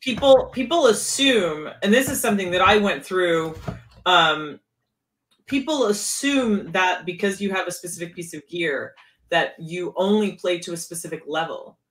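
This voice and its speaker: Woman guest, keytar player, casual talk, lively swoops on key words. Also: on the low side, normal speed. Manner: animated, swooping emphasis. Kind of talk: casual chat.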